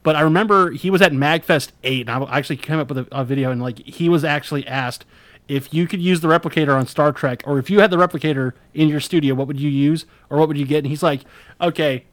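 A man's voice: on the high side, quick pace, no room sound. A man co-hosting a podcast, chatting casually and rambling, with casual swearing. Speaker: podcast co-host. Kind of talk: casual chat.

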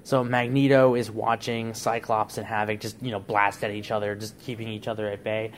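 A man's voice: fairly low pitch, little pitch movement, brisk, a little hiss or hum. A man on a podcast, casually laying out a plot idea in a rambling way. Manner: rambling storyteller, frequent restarts and "like". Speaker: podcast co-host.

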